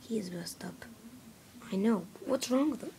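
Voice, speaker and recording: A woman voicing a suspicious red bird toy in a homemade skit, talking in hushed, conspiratorial whispers. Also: on the high side, fairly quick, slight background noise, close to an everyday voice.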